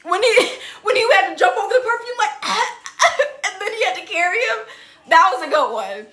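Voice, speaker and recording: A woman's voice: extremely high pitch, expressive, moderate pace, pushed and bright. A young woman hosting a casual live stream from indoors, reading viewer comments into her phone, laughing often and acting out cartoon quotes in silly voices. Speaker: TikTok live host.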